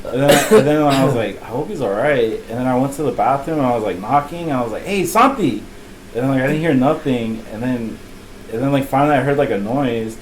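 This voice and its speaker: On a low-quality recording, a podcast host talks a little fast in a mid-range, slightly mellow voice. The young man rambles through a casual, profane story, laughing often and saying "bro" a lot.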